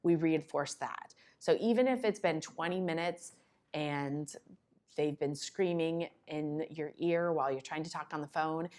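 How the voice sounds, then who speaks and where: Lively woman presenting at a conference. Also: low voice. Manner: lively, conversational, acts out the child and parent in quick asides. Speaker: conference presenter on child behavior. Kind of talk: conference talk to parents. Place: conference room.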